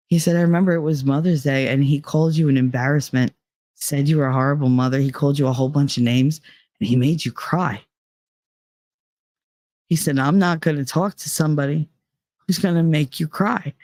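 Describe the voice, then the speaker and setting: A woman's voice: sits low, darkish tone, dry recording, studio quality. Frank, profane woman podcast host. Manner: frank and profane, acts out quoted voices. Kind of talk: casual personal storytelling.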